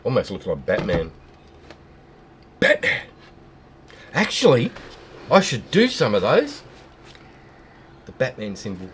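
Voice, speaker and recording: A man hosting a fluid art session, bantering and teasing as he paints. His pitch swings widely from low to high as he jokes around. A faint hiss sits under his voice. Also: huge pitch swings, takes it slowly, long pauses, fairly bright tone. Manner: joking, teasing, laughs often. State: hot and tired. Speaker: fluid art channel host. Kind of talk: casual banter while painting.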